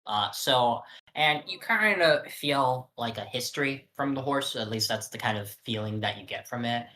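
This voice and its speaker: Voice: medium pitch, expressive, normal speed, bright, forceful tone, slight background noise. A player in a tabletop game describing sensations loosely, with fillers.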